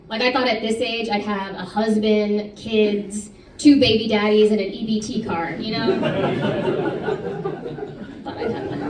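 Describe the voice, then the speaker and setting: A woman in her thirties doing a stand-up comedy set, animated and self-mocking, chatting with the audience. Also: fairly high pitch, background noise. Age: 30s. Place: comedy club stage. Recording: roomy club sound from a distance. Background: audience laughter.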